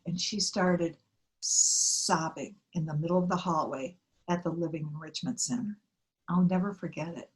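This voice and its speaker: A middle-aged woman minister delivers a sermon with a slightly low voice. She talks in an earnest, storytelling way and acts out the quoted lines of the people in her stories. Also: normal speed.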